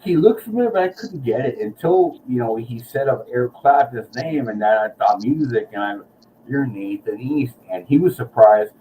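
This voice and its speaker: A man's voice: mid-range voice, lively intonation, normal speed, dark tone, far from the mic, a little hiss or hum, rough recording. A man hosting a casual chat, telling a rambling, profane story and acting out what people said. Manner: rambling, profane, acts out quotes. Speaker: host. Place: guitar shop or room, San Antonio.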